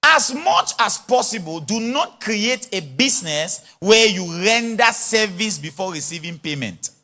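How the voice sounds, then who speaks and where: In a large church or conference hall, a man with a high-sitting voice preaches a sermon at a conference at a measured pace. He speaks with an influence and is animated, mixing in pidgin English and acting out little dialogues.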